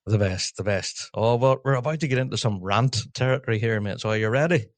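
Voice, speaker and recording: A man hosting a podcast in casual chat, talkative and quick to laugh. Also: mid-range voice, dry recording. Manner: chatty, laughs often, quick asides. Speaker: podcast host.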